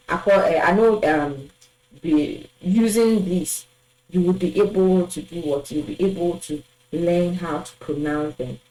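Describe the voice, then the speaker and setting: A woman teaching a French numbers lesson, saying each word twice and pausing with fillers. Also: fairly low pitch, darkish tone, roomy sound, a little hiss or hum, low-quality recording. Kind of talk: language lesson, drilling numbers.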